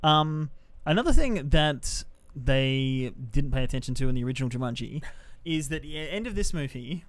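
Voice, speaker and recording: A man's voice: mid-range voice, normal speed. A man co-hosting a podcast, chatting casually and rambling about a movie. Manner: rambling, animated, restarts often. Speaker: podcast co-host.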